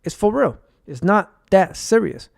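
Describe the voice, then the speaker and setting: Young man, high-pitched, rambling and profane, dry close sound, conspiracy rant. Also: lively intonation, unhurried, creaky, dry recording. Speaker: vlogger.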